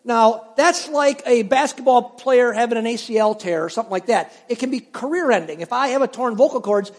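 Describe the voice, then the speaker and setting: A middle-aged pastor preaches a sermon in a church sanctuary, speaking conversationally, telling stories and putting questions to his congregation. His voice is extremely high-pitched, fairly quick, with few pauses, and a long hall reverb fills the recording.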